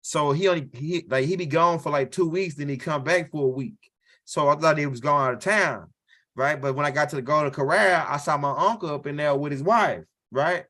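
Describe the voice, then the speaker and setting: This comedian's voice is fairly high and sharp, and he talks a little fast. He rambles through a profane story, frequently turning to the crowd with "right?"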